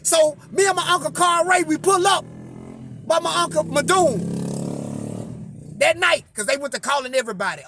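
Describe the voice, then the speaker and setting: High-voiced man telling a story, profane. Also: moderate pace, pauses often, pushed and bright, a little hiss or hum. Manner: repeats "I say" to frame quotes, emphatic.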